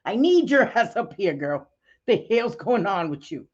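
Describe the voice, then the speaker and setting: A woman hosting a casual livestream chat, talking bluntly and excitably, cursing and laughing often. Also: mid-range voice, measured pace, muffled recording. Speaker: livestream host.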